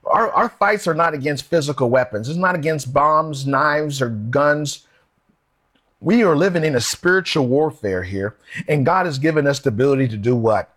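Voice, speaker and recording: A man's voice: fairly high pitch, lively intonation, normal speed, a bit bright. A man preaching a sermon in a conversational, emphatic way, posing questions to his listeners.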